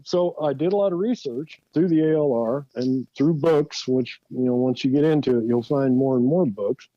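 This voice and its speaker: A man's voice: medium pitch, moderate pace, hardly any pauses, dark tone, no room sound, muffled recording. A man telling folksy stories as a guest, easygoing and chuckling through his anecdotes. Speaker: guest, rifle builder. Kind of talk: anecdotal storytelling.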